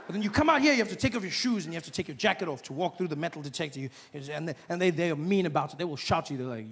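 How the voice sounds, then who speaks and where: A man from South Africa doing stand-up comedy, acting out shouting officials in animated voices. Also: high-pitched, fast, some chatter behind. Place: stage before a live audience. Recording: live show with audience noise.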